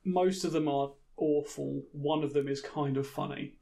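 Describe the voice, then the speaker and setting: A man's voice: fairly high pitch, fairly even intonation, normal speed, creaky, dark tone. A man co-hosting a podcast, chatting casually and dryly reading from his notes, often stammering and laughing along. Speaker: podcast co-host. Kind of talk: casual comedic chat, recapping from notes.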